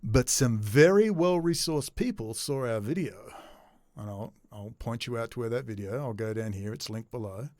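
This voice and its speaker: A man giving a ranting solo commentary, sarcastic, swinging between low muttering and loud mocking outbursts. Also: moderate pace, no echo, clean studio sound. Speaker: commentary host.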